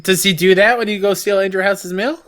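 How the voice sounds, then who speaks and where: A man's voice: high voice, steady tone, a little fast, fairly bright tone. A man co-hosting a casual gaming podcast, chiming in with short reactions and quips. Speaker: podcast co-host.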